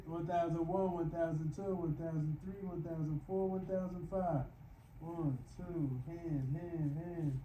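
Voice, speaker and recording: Slow-talking man counting exercise reps. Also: on the high side, steady tone, dark tone, roomy sound, distant mic, a little hiss or hum, rough recording. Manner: counting reps aloud, straining, slow and deliberate. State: exerting himself. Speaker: vlogger doing knee rehab exercises. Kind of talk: casual exercise vlog narration. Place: home room, lying on the floor.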